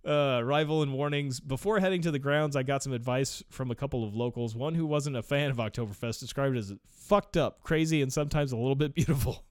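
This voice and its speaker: A young man reads an article aloud in a casual, rambling way, stopping often for profane, laughing asides. His voice is smooth and clear. The recording is dry and close, with no room sound. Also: medium pitch, fairly quick, hardly any pauses, darkish tone, dry recording. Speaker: vlogger reading an article aloud. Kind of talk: casual reading with commentary.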